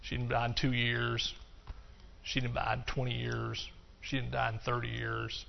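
A man's voice: mid-range voice, monotone, moderate pace, creaky, slight background noise. Emphatic male preacher, muffled recording. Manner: emphatic, storytelling, with restarts. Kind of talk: sermon. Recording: dull lo-fi recording.

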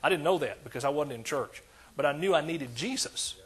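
Husky-voiced older male pastor preaching. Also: fairly high pitch, expressive, brisk. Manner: emphatic, repetitive preaching cadence. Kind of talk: sermon.

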